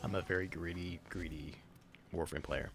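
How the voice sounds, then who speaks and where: A man's voice: low voice, fairly even intonation, moderate pace, a bit bright, a little hiss or hum. A young man chatting casually with his stream chat while gaming, rambling, sarcastic and swearing a lot.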